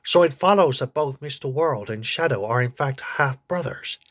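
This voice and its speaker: A man's voice: medium pitch, expressive, normal speed, fairly bright tone, natural voice. A man playing a crude gossipy old politician. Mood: snarky. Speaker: comedy reviewer. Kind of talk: comedic TV review.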